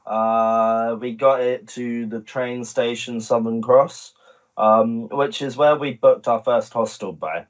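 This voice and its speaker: A man's voice: mid-range voice, steady tone, slow, highs cut off. A young man co-hosting a travel podcast, laid-back, with dry humour. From England. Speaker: podcast co-host. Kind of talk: casual travel chat.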